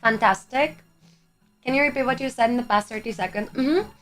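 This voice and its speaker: A young Greek woman whose first language is Greek talks with her stream's live chat in a high-leaning, fairly bright voice, speaking a little fast. Chatty and quick to laugh, she swears casually, and faint music sits behind her voice.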